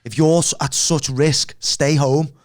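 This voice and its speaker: A man's voice: a little high, steady tone, unhurried. A man, an MMA fighter on a podcast, arguing bluntly and repeating his points. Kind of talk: casual podcast debate.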